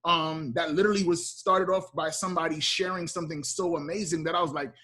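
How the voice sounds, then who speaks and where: A man in casual podcast conversation, talking about writing a book in an enthusiastic, animated way. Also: fairly high pitch, fairly quick.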